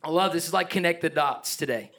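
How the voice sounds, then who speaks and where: This pastor talks fast, preaching emphatically and with lots of energy in a voice that's fairly high for a man. Now and then he drops in a playful aside and chuckles.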